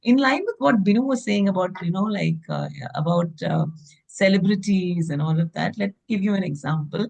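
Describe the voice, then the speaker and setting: A woman's voice: mid-range voice, normal speed, gravelly, a little mellow, rough recording. Woman telling anecdotes. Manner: anecdotal, with fillers like "I mean" and "you know". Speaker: behavioral trainer and former airline staff. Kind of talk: interview conversation.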